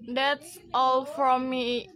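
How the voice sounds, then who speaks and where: A female student who isn't a native English speaker gives a class presentation, reading hesitantly and restarting words. Her voice is high, level and a bit bright, delivered extremely slowly on a rough recording.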